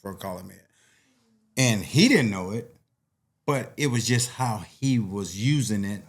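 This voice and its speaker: A man's voice: fairly low pitch, expressive, unhurried, breathy edge. A man chatting as a podcast guest, laid-back and laughing often, swearing and acting out other people's voices in his stories. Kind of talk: casual storytelling chat.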